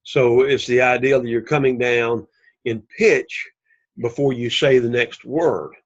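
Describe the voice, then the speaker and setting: A man teaching a Greek class, explaining slowly and patiently and repeating key words for emphasis. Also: mid-range voice, steady tone, muffled recording. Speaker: Greek instructor. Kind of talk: recorded class lecture.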